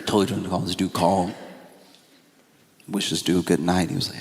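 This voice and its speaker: A man's voice: sits low, brisk, creaky, long pauses. A man doing stand-up comedy, telling stories and acting out phone calls. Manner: animated storytelling, acting out calls. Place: comedy stage before a live audience. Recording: reverberant hall with audience noise.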